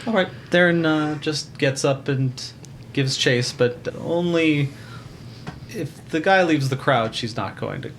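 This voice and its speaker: A man at a tabletop game talks through his character's actions, trailing off and circling back as he thinks. His pitch sits slightly high and moves a lot. A faint hiss runs beneath. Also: lively intonation, a little slow, a bit bright. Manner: rambling, hesitant. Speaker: player.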